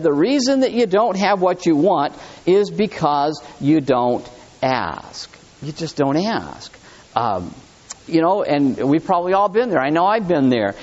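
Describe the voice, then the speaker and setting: A man preaching a sermon in a conversational, animated way, reading scripture aloud and talking it through with his listeners. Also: fairly high pitch, highs cut off. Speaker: pastor.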